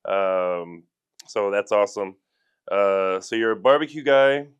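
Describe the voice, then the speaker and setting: A man's voice: fairly low pitch, measured pace, smooth, dull audio. A man hosting a casual interview podcast, asking easygoing, friendly questions. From Southern California. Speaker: podcast host.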